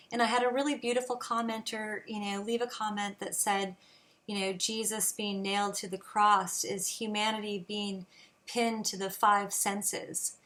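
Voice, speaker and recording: A woman hosting her own channel, talking in a slow, reflective monologue with many pauses and fillers. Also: medium pitch, bright, forceful tone. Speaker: channel host. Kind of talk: casual spiritual monologue.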